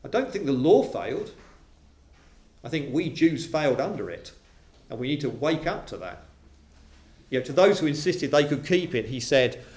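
A man preaching a sermon to a congregation, animated and acting out quoted voices. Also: mid-range voice, moderate pace, long pauses. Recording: roomy echo of a hall.

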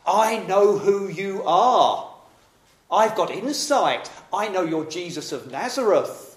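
A man's voice: high-pitched, lively intonation, slow pace, voice pushed up. A preacher voicing a boastful male unclean spirit that taunts and sneers. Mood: taunting. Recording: echoey room.

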